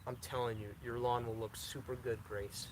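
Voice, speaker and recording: A man's voice: mid-range voice, level tone, normal speed, background noise. A young man hosting a live stream, reading viewer questions aloud and answering them in a casual, repetitive way that stutters now and then. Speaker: lawn care channel host.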